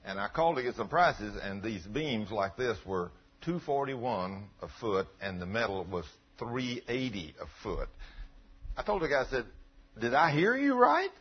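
A man's voice: lowish voice, expressive, moderate pace, slightly rough. A middle-aged male pastor preaching in a folksy, earnest, conversational way and quoting scripture, in a dull lo-fi recording. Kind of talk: conversational sermon.

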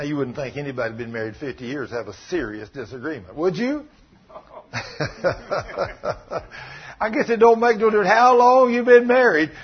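A man preaching, telling a story and acting out the quotes with big jumps in loudness, in dull lo-fi broadcast audio. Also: high-pitched, slightly rough. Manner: animated, acts out quotes with big swings in loudness. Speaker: pastor. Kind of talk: sermon storytelling.

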